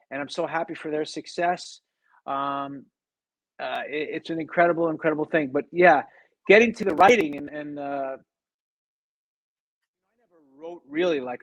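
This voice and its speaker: A middle-aged man telling a personal story as an interview guest, animated, acting out the people he quotes and often restarting his sentences. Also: on the high side, no room sound, low-quality recording. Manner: animated, acts out quoted dialogue, frequent restarts.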